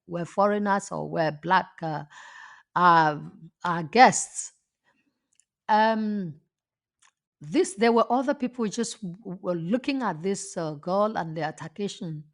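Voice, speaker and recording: Woman host, lower-pitched, earnest and indignant while recounting something she witnessed. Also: slow. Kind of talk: personal anecdote monologue.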